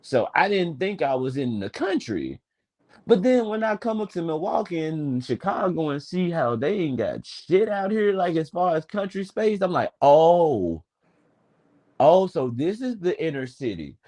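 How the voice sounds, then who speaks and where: A man's voice: high-pitched, very animated, moderate pace, darkish tone. Southern man in his twenties, rambling. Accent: Southern US, Memphis. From Memphis, Tennessee. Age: 20s. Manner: rambling, profane, storytelling with slang. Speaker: streamer. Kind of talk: casual chat.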